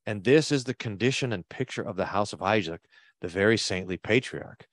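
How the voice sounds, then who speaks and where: Expressive male pastor reading aloud. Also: lowish voice, fairly quick, no echo. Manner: expressive reader who leans hard on key words. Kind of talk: reading a text aloud and commenting on it.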